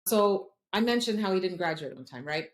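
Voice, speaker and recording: A middle-aged woman, a podcast guest, telling a personal story in an earnest, animated way and acting out the voices of other people. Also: medium pitch, a little fast. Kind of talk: conversational storytelling. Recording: roomy echo.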